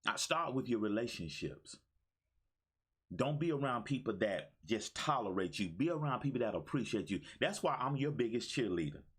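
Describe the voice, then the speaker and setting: An exuberant man in his fifties preaches motivation on a livestream. His pitch swoops high and low, and his voice is a little husky. He talks to the audience in a call-and-response way, like a preacher. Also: big pitch swings, moderate pace, a bit bright. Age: 50s. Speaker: motivational speaker. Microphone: phone.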